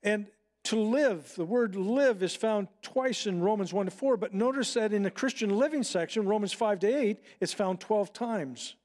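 A middle-aged male pastor delivering a sermon in an earnest, heartfelt way. His voice sits a little higher than most men's, and he slows deliberately on phrases he wants to land. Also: a little mellow. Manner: earnest, personal storytelling with slowed emphatic phrases.

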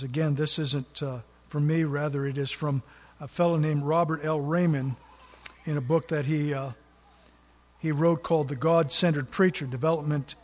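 A man preaching a sermon in an earnest way, leaning hard on key words for emphasis. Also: a little high. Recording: long hall reverb.

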